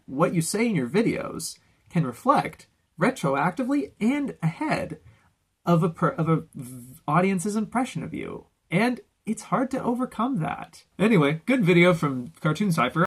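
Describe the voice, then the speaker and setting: A young man talking off the cuff as host of a casual commentary show, his voice sitting a little high for a man. He rambles, restarts his thoughts, drops swear words and laughs as he goes, keeping an animated, chatty energy. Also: breathy edge. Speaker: host reviewing anime videos.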